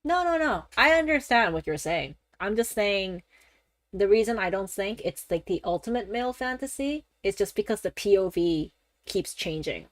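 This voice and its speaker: Woman, streamer, casual rambling chat, mid pitch, dry close recording. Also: moderate pace, no room sound. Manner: rambling, animated, laughs often, swears casually.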